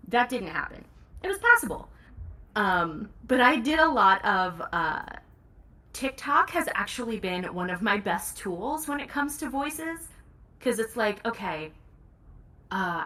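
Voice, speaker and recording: A woman's voice: medium pitch, bright, forceful tone. A woman audiobook narrator, a guest in a casual interview, talking candidly and laughing easily.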